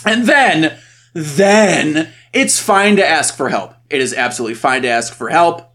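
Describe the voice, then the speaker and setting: A man co-hosting a podcast from home, talking in a casual, animated way. His voice is bright and ringing, and his pitch swings widely. He swears freely and laughs easily. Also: measured pace. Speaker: podcast co-host. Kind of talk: casual chat. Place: home recording setup.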